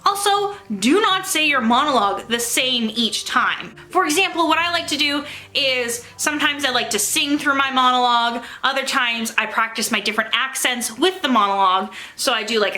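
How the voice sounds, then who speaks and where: Young woman vlogger, high and bright, upbeat and emphatic, coaching on auditions. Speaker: theatre YouTuber giving audition tips. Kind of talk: casual advice vlog.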